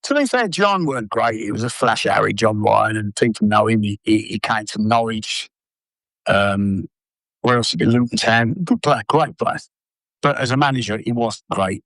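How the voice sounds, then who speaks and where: An older former footballer telling blunt, sweary stories in an interview. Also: male voice, fairly low pitch, normal speed, dry recording, low-quality recording. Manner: blunt, sweary, animated anecdotes. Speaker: former footballer and manager, guest. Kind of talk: casual storytelling interview.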